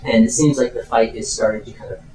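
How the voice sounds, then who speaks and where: A man narrating as game master in a relaxed, hesitant way with many fillers. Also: mid-range voice, fast, crowd noise. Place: home room with air conditioning. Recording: echoey room, far from mic.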